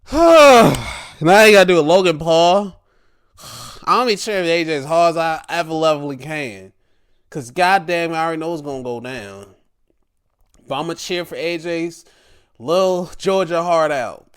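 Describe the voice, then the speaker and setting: A man's voice: medium pitch, clear, resonant tone. A man hosting a podcast, casually recapping wrestling matches with lots of sighs and swearing. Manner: animated, swearing, frequent sighs. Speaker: podcast host.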